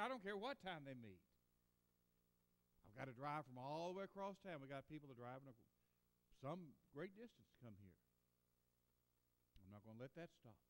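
High-voiced preacher in a reverberant church. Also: male voice, very animated, fairly quick. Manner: earnest, emphatic, swings between loud and hushed. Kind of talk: sermon. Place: church sanctuary.

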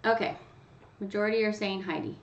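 A woman's voice: mid-range voice, a little fast. Chatty woman live-streaming in an echoey room. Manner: chatty, addresses viewers by name. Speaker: livestream host running a nail polish giveaway. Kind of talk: casual live chat to viewers. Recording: roomy, distant, dull home mic.

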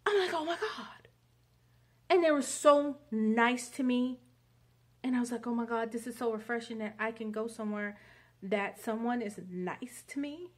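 A woman's voice: a little high, moderate pace. Chatty woman vlogger telling a story. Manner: chatty, rambling, many fillers. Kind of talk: casual storytelling monologue.

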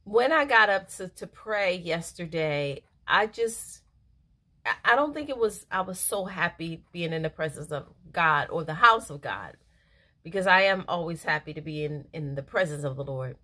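Middle-aged woman, bright lowish voice, earnest devotional talk, casual and emotional. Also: animated, normal speed. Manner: earnest, emotional, laughs easily, many fillers. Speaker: devotional speaker. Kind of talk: casual devotional reading and reflection.

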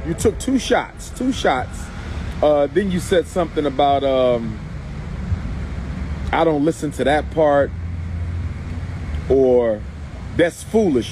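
A man's voice: on the high side, background noise. A man giving an impassioned, preachy monologue in reply to a clip. He repeats himself for emphasis and keeps calling the listener brother. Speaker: commentator responding to a clip.

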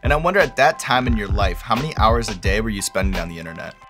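A man hosting a casual interview over hot wings, asking wry, relaxed questions. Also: lowish voice, fast talker, music in the background. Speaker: interview host.

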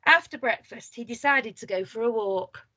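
Here a woman with a fairly high voice speaks at a normal speed. She's a primary school teacher reading a picture book to little kids, animated and quizzing them as the story goes along.

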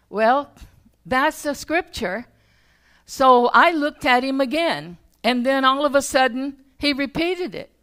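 High-voiced older woman preaching. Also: lively intonation, unhurried, fairly bright tone. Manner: conversational, storytelling, self-correcting. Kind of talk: sermon with personal story.

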